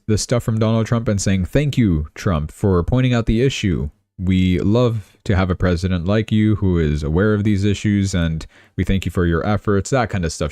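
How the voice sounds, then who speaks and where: A deep-voiced young man rattling through the week's headlines in a casual, chatty livestream style. He tosses off sarcastic asides as he goes, and his voice comes across close and dry at the desk mic. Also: darkish tone, dry recording. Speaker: crypto and news livestream host. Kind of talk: casual news commentary.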